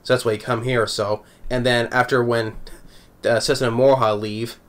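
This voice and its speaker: A man's voice: medium pitch, flat delivery, a little fast. A man recapping an anime episode in a casual, rambling way, chuckling often between thoughts. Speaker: anime reviewer.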